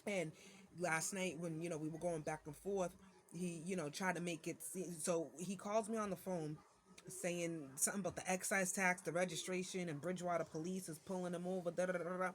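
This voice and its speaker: A woman's voice: fairly low pitch, steady tone, fairly quick, a little hiss or hum. A mother venting to her viewers in a casual monologue, irritated and ranting, with many fillers and restarts.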